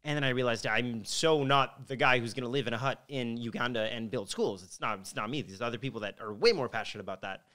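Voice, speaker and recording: A man's voice: medium pitch, fast talker, hardly any pauses, a bit bright. A young man from Montreal, a podcast guest in a studio, telling his story in a loose, casual way with plenty of swearing. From Montreal, Canada.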